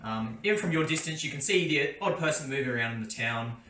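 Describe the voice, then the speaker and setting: A man from Australia narrates a tabletop game as game master, describing scenes in a halting, descriptive way. His voice sits mid-pitch. It sounds roomy and far from the mic, with clear noise behind. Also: lively intonation, sharp tone. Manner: descriptive, full of fillers and restarts.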